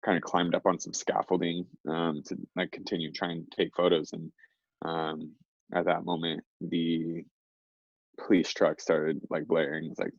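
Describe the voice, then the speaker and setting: A young man with a low voice and a gravelly, creaky edge tells a story in a loose, rambling way, filling gaps with "like" and "um". The recording is dry and a little dull and lo-fi. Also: steady tone, moderate pace, no echo. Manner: rambling, heavy on fillers. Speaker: interview guest. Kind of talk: casual storytelling.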